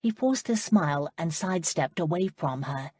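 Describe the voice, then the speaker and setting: Woman, audiobook narrator, low pitch, husky, calm measured delivery, dry studio sound. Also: no room sound. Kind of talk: scripted romance narration.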